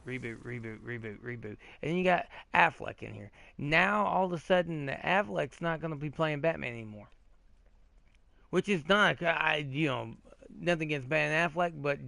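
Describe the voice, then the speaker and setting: A man hosting a gaming video, ranting in a rambling, profane, excitable way with frequent restarts while he plays. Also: on the high side, creaky, no room sound. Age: adult, old enough to remember 80s cartoons. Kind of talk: casual rant while playing a game.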